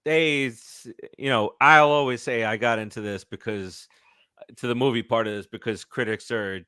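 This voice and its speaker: A man's voice: mid-range voice, normal speed, sharp tone, clear, resonant tone, dry recording, studio quality. A man co-hosting a sports and movie podcast, talking casually with lots of fillers and restarts. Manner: rambling, many fillers and restarts. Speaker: podcast co-host. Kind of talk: casual chat.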